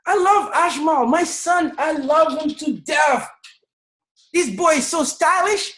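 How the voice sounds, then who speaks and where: A woman in her thirties from Senegal giving an energetic, emphatic motivational testimony on a video call, often raising her voice to tell her story. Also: high-pitched, slow, low-quality recording. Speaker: network marketing leader.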